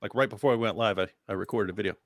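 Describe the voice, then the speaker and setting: A man's voice: fairly low pitch, steady tone, rapid-fire, no echo. Laughing man in casual chat, dry sound. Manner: laughs often, quotes clips in a raised voice. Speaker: co-host.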